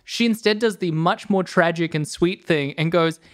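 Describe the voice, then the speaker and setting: A woman co-hosting a casual film podcast, earnestly walking through plot points with lots of fillers. Her voice sits a bit low for a woman. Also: moderate pace. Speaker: podcast co-host. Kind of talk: casual film review chat.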